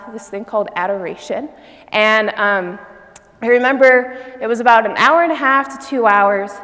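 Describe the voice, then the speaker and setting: A young woman giving a heartfelt personal faith testimony as a retreat speaker, telling her story with many fillers. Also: medium pitch. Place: church hall. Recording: long hall reverb.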